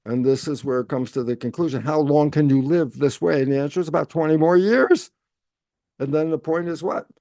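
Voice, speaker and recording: A man speaking as an interview guest, explaining in an animated way and answering his own rhetorical questions. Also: fairly high pitch, a little fast, no room sound, studio quality.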